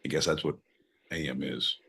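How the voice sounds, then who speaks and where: A man's voice: extremely low pitch, steady tone, normal speed, pushed and bright. A man co-hosting a podcast in rowdy, profane casual chat, breaking into mock-announcer bits. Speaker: podcast co-host.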